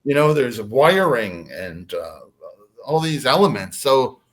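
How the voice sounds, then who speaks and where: A man telling a personal story as a podcast guest, casual and animated. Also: medium pitch, slow. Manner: animated, acts out quotes.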